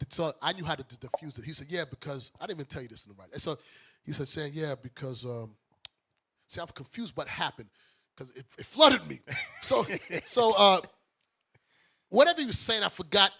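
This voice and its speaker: Animated middle-aged bishop, bright and high. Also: male voice, brisk, slightly rough. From Brooklyn, United States. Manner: animated, acts out the other voices in his stories. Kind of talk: casual storytelling to a congregation.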